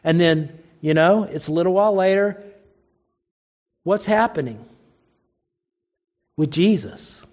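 Male preacher with a high voice, storytelling sermon delivery, dull lo-fi recording. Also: takes it slowly, long pauses, darkish tone. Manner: storytelling, acts out quoted lines with rising pitch.

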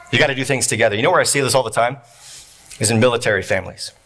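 Pastor, male, sermon delivery, bright tone, repeats phrases for emphasis. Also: medium pitch. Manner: preaching with dramatic pauses and repeated phrases. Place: church.

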